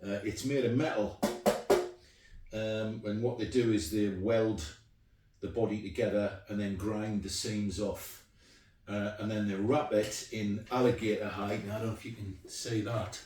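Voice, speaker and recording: A man's voice: on the low side, a little mellow, slight background noise. A middle-aged man, chatting casually and rambling with plenty of ums as he shows off his guitars. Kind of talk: casual show-and-tell. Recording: echoey room, mic at a distance.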